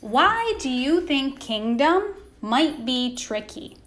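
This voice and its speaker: A woman with a fairly high voice teaches a recorded phonics lesson to young children. She speaks slowly and sounds out each word piece by piece. She asks a question, then pauses patiently for the answer. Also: sing-song, fairly bright tone. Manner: slow, sounding out words letter by letter.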